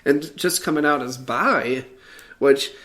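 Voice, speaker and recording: A woman's voice: extremely low pitch, takes it slowly, a bit bright. A woman hosting a casual talk show, speaking earnestly and hesitantly, with frequent fillers and restarts. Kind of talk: casual podcast chat.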